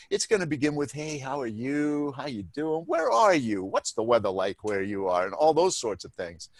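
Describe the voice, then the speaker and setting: A man co-presenting a webinar workshop, explaining things in a measured way with small restarts. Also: mid-range voice, no room sound.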